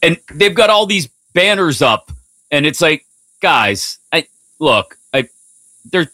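A man's voice: a little high, sing-song, slow, pushed and bright, no room sound. A man hosting a sports radio show, talking in a wry, rambling way with frequent restarts. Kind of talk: casual sports talk.

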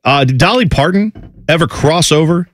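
Animated chatty male radio host. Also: normal speed, dry recording, clean studio sound. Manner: animated, jokey, lively delivery with pitch jumps when quoting. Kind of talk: casual sports radio banter.

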